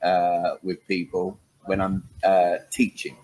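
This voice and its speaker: A man's voice: sits low, completely flat delivery, takes it slowly, a little mellow, low-quality recording. A man with a British accent, a communication coach giving an interview, emphatic and fond of acting out little dialogues to make his points. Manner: emphatic, punctuates points with "all right", acts out dialogue. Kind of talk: animated interview chat.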